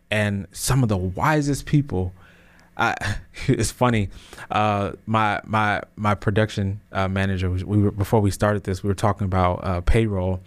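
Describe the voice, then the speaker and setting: A man in his thirties hosting a podcast, delivering a casual motivational monologue with slang and many restarts that builds to emphatic peaks. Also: lowish voice. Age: 30s. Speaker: podcast host.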